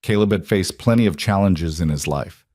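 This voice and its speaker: A man with a fairly low voice reads a story in a calm, measured way. The sound is dry and close, with no room around it. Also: dry recording. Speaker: narrator. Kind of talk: scripted audiobook narration.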